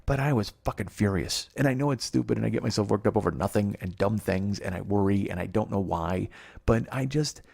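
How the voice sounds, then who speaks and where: Brief: solo podcast host, late forties, husky voice, quick sarcastic storyteller who gets heated. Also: male voice, fairly low pitch, a little mellow. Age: 40s. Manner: profane, worked-up ranting with sarcastic asides. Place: basement, speaking quietly so as not to wake others.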